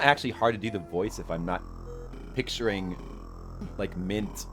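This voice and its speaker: A man's voice: on the low side, moderate pace, over music. A man streaming a game, rambling and self-deprecating as he chats with his viewers. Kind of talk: casual live-stream chat.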